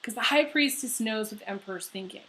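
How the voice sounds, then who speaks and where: A woman's voice: on the high side, fast, bright, forceful tone. A woman giving a casual, rambling tarot horoscope reading, full of fillers and the odd swear word. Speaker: tarot reader.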